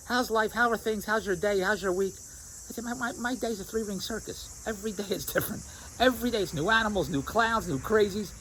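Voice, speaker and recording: A man with a fairly bright, higher-pitched voice rambles through a casual vlog at an outdoor restaurant, circling back to the same points and laughing at them. The rough recording has a faint hiss or hum, and crickets and other insects can be heard.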